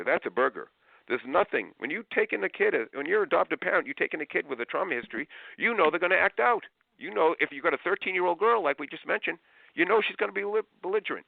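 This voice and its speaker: A man talking as an interview guest about parenting, telling stories in an animated way and acting out parents and kids in raised voices. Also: mid-range voice, vocal fry, dry recording. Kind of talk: lively interview storytelling. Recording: tinny phone-like line.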